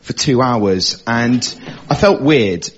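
A young man doing a casual, animated stand-up routine as an up-and-coming comedian. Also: medium pitch, slow pace, a little hiss or hum. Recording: muffled radio recording.

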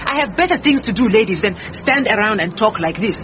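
Actress as a defensive, brusque head cook, slightly muffled radio-drama sound. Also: female voice, medium pitch, lively intonation, fairly quick, a bit bright, a little hiss or hum, close to an everyday voice. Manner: brusque, indignant.

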